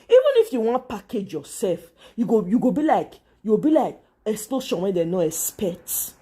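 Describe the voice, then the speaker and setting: A woman with a Nigerian accent hosting a live stream on politics, talking in an animated way, mixing English with Pidgin and greeting viewers by name. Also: medium pitch, normal speed, husky. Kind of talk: casual live-stream commentary.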